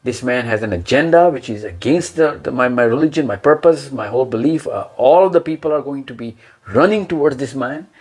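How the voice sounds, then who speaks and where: A man speaks as a guest in an interview, explaining ideas with earnest emphasis. His voice sits at a middle pitch for a man. He often repeats a word or two while he searches for what to say next. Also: lively intonation, fairly quick, darkish tone, breathy edge. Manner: earnest, emphatic, acts out imagined quotes.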